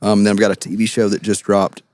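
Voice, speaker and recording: A young man, a podcast guest and actor, telling stories in an animated, casual way with frequent laughs and quick asides. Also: on the low side, dry recording, clean studio sound. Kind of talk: casual storytelling.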